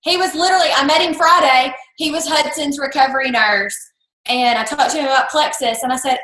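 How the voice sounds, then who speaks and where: A woman telling stories in a lively way, acting out the voices of the people she quotes. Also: sits high, a little fast. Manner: animated, acts out quoted voices. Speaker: guest speaker. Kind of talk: lively anecdotal talk. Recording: roomy echo.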